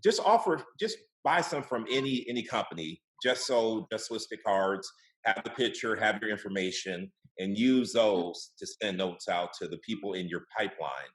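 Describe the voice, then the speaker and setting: A man hosting a weekly group video call, coaching in a relaxed, encouraging way with plenty of filler words. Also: fairly low pitch, moderate pace. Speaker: host of a weekly real estate group call.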